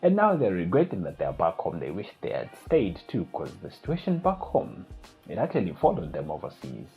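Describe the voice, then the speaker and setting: A young man vlogging, retelling a night of panic in a casual, animated storytelling way. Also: deep voice, a little fast. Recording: slightly dull lo-fi recording with faint music.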